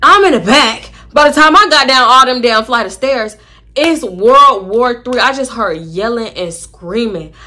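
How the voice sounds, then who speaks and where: Brief: young woman, slightly high and bright, animated storyteller for a vlog. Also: measured pace. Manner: animated, acts out quoted voices, addresses viewers as y'all.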